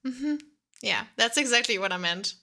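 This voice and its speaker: A woman co-hosting a casual podcast, excitedly telling stories about playing a game and laughing often. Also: fairly high pitch, normal speed, vocal fry. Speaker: podcast co-host.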